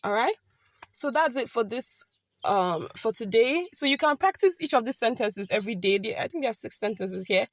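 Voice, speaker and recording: A woman's voice: on the high side, animated, no echo. Chatty woman teaching, dry close sound. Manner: chatty, keeps checking in with "okay?"; slows down and repeats phrases carefully. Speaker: language teacher. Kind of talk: casual online language lesson.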